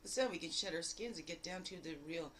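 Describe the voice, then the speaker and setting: A woman giving a daily spiritual card reading in a lively, exclamatory way, full of rhetorical questions and repeated phrases. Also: fast talker, background noise. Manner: animated, jumping between loud bursts and low asides. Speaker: spiritual guide.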